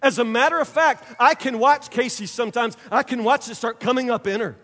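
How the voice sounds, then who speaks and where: A middle-aged male pastor delivering a sermon, emphatic and repetitive, swinging between loud and soft. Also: very high-pitched, a little fast, big-room sound. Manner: emphatic preaching, repeats phrases, sudden loud and soft turns.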